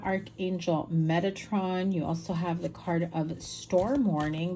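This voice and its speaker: A tired woman reading tarot cards in a chatty, rambling way, her voice low and mellow. A faint hiss sits behind her. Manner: chatty, rambling, with fillers and laughs. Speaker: tarot reader. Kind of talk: casual monthly tarot reading.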